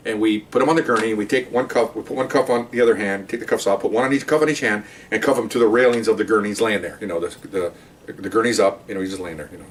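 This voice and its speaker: A middle-aged man, a former police officer, telling a story from his patrol days in a casual, animated way, talking to his listeners. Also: on the low side, far from the mic, a little hiss or hum. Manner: conversational, animated, asides to listeners.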